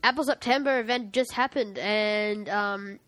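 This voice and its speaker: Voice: medium pitch, measured pace, pushed and bright, dry recording. A podcast co-host chatting casually, rambling through explanations and tech news.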